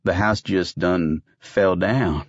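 A jittery ranch foreman drawls his way around hard questions in a deep, low voice, as a male narrator puts him on. The audiobook sound is dull and dry, like a small booth. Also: takes it slowly, no room sound. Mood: nervous. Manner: folksy drawl, ungrammatical country talk. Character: panicky rustic ranch foreman, nervous and evasive.

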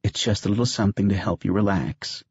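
A brisk paramedic woman speaks in a calm, matter-of-fact way, a little raised, as a male narrator puts her on. The sound is dull and dry. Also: lowish voice, slightly rough, no room sound. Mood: soothing.

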